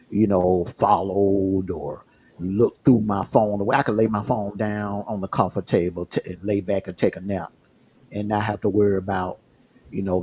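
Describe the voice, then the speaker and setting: Speaking low and warm, this man shares his personal relationship history openly in a casual livestream, frequently circling back over words as he sorts out what to say. A little background noise can be heard.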